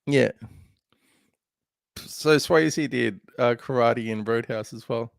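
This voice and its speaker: Guy hosting a movie podcast, gravelly voice, chatty and laughing a lot, dry close sound. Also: medium pitch, takes it slowly, dry recording. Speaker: podcast host. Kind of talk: casual film discussion.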